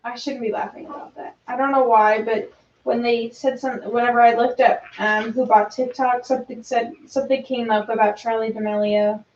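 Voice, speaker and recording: A woman's voice: fairly high pitch, steady tone, moderate pace, a little mellow, a little hiss or hum. A woman chatting casually on a livestream, reading headlines aloud with hesitant ums. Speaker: livestream co-host. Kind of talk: casual chat. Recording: distant, roomy, dull-sounding.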